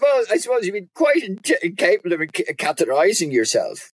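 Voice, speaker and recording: A man with an Irish accent, a doctor talking as a guest in a casual chat, wry and teasing, with halting restarts. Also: high voice, big pitch swings, slightly rough, no room sound. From Ireland.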